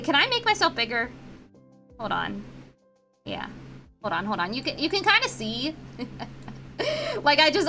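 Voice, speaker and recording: A woman's voice: a little high, bright, forceful tone. A woman streaming as a VTuber who chats casually with her viewers. She is giggly and playful, and she often repeats her words. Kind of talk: casual live-stream chat.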